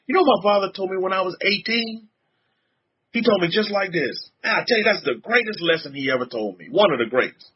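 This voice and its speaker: High, husky-voiced man preaching. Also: animated, a little fast. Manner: chatty and repetitive, often chuckling, addresses the congregation directly. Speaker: rabbi. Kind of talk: informal sermon. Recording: dull lo-fi recording.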